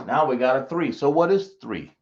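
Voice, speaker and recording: A man's voice: mid-range voice, lively intonation, normal speed. Male teacher, drawling, quizzes the class, echoey dull room sound. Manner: drawling, self-correcting, asks the class questions. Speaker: Hebrew teacher.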